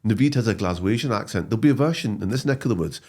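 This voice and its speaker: Interview guest: man, low voice with lively swings, animated storyteller, frequent restarts. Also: rapid-fire. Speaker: guest, comedy actor and writer. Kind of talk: casual interview chat.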